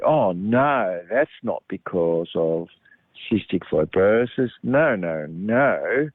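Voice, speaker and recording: Low-voiced man on a tinny line. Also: dry recording. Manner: meandering, with many ums and restarts. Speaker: health talk presenter. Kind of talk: rambling monologue. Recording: tinny phone-like line, dry.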